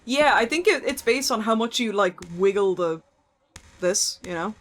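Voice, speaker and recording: A woman's mid-range, fairly bright voice moves at normal speed with lively intonation. She streams a horror game with live commentary, joking, chatting, swearing casually and addressing the characters.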